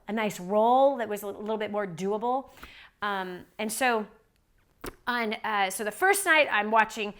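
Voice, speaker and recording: A woman telling a story in a lively, chatty way to an audience, often adding "like" and "right?" as she goes. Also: mid-range voice, clear, resonant tone. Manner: animated, chatty, many "like" and "right?" asides. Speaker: motivational speaker. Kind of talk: storytelling talk.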